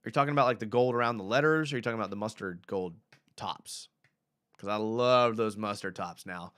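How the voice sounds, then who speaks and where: A man's voice: fairly low pitch, a little fast, clear, resonant tone. A man hosting a fan live stream, casually reading viewer comments aloud and reacting with laughs. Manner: animated, laughing, reads chat aloud.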